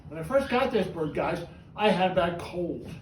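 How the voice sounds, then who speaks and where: A man hosting a trained parrot show, chatty and animated as he coaxes his bird through its tricks. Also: high voice, moderate pace, a little hiss or hum. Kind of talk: showman's patter with a pet bird. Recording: echoey room, voice from far off, faint ambience.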